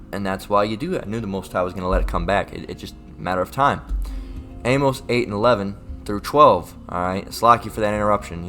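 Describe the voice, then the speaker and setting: A man giving a casual livestream Bible lesson. He rambles, repeats words and keeps adding "all right?", and he reads scripture aloud slowly and deliberately. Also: fairly low pitch, a bit bright. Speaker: online scripture teacher.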